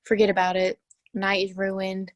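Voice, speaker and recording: A woman's voice: medium pitch, monotone, normal speed, dry recording. Emphatic teen girl in a dry room. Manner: emphatic, talkative. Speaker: student in book discussion. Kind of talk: casual video call discussion. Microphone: video call.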